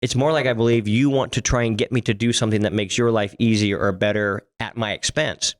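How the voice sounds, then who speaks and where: A man's voice: fairly low pitch, fairly even intonation, fairly quick. A middle-aged man co-hosting a podcast, talking bluntly, swearing freely and often restarting his sentences. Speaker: podcast co-host. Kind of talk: casual podcast chat.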